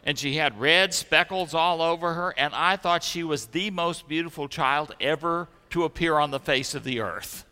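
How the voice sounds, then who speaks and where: A middle-aged man preaching a sermon, telling stories gently and then preaching with energy. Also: fairly high pitch, normal speed, few pauses, smooth. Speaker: pastor. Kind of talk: sermon and children's message. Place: church sanctuary. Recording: echoey church sanctuary.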